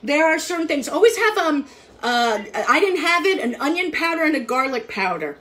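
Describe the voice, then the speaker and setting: Her voice sits high and sing-song, with a sharp tone, normal speed and a little hiss or hum on the kitchen live stream. The cooking show host chats cheerfully with viewers as she cooks, tasting and talking with her mouth full.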